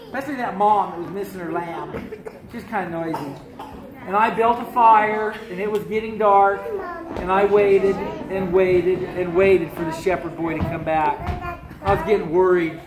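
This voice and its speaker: A woman telling a story live in the first person and in character, animated and playful, voicing the other people in her tale. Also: lowish voice, moderate pace, a crowd in the background. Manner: animated, playful, with voiced-out dialogue. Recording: echoey room with a live audience.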